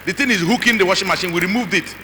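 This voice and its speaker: Animated man preaching in a big hall. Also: high voice, rapid-fire. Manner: animated, acts out quoted voices, frequent asides to the audience. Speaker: conference speaker. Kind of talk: preaching to a conference audience. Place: large conference hall. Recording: long hall reverb, faint noise.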